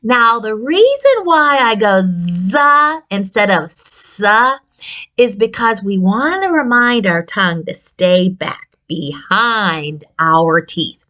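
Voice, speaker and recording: A woman speech-language pathologist uses puppets to teach children about speech sounds, encouraging them in an exaggerated, sing-song style. Her medium-pitched voice is expressive and slow, with a pushed, bright quality.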